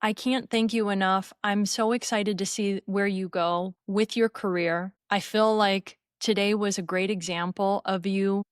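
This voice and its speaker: A woman host speaks effusively and with heartfelt warmth, emotional and close to tears. Her voice sits at a mid pitch, recorded dry and close. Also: steady tone, a little slow, hardly any pauses, clear, resonant tone, no echo. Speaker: podcast host. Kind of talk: interview chat.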